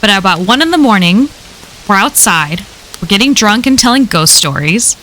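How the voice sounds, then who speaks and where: A woman's voice: medium pitch, expressive, moderate pace, a bit bright, a little hiss or hum. A woman reading a first-person horror story aloud on a live stream, in a casual, conversational telling full of swearing.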